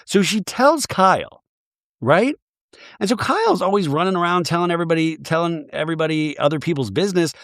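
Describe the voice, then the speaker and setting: A male podcast host rattles through a reality-show recap in a casual comedic way, his pitch swinging up and down all the time. He rambles and drops jokey asides. The sound is close and dry, with no room echo. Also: animated, a little fast, a bit bright.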